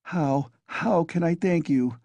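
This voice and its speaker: A man voicing an anxious, timid middle-aged mother who pleads in alarm, pitched well above his own voice. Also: slow, vocal fry, mellow, dry recording, exaggerated voice.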